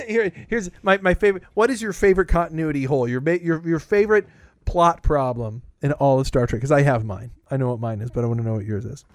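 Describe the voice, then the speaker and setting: A man co-hosting a podcast in casual chat, teasing and animated, often restarting his sentences. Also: a little high, fairly quick, no room sound. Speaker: podcast co-host.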